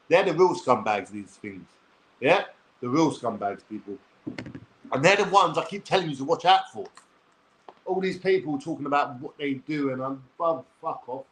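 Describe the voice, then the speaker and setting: A blunt, foul-mouthed man in his forties with a London accent speaks straight to his viewers. His voice sits a touch higher than most men's, and he rambles and calls out to the people watching. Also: expressive, moderate pace, fairly bright tone, slight background noise, low-quality recording. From England. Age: 40s. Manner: blunt, swears freely, addresses viewers as people. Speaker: online personality. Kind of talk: rambling talk to camera.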